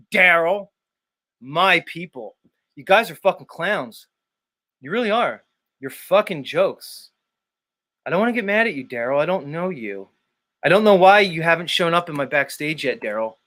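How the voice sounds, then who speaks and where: A man's voice: a little high, sharp tone. A man hosting a livestream, ranting in a heated, profane way at his chat and repeating people's names. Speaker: livestream host. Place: dark room.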